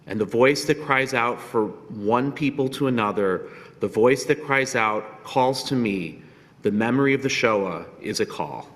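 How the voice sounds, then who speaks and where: A man reading a remembrance text aloud at a ceremony, in a measured, grave manner. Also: mid-range voice, a bit bright. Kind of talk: solemn recited liturgy. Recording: reverberant hall.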